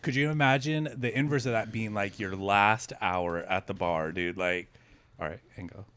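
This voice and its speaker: A man's voice: lowish voice, fairly even intonation, normal speed, fairly bright tone, clear, resonant tone. A man co-hosting a comedy podcast, rambling with many fillers as he sets up a bit. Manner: rambling, filler-heavy setups. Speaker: podcast co-host. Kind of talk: casual chat.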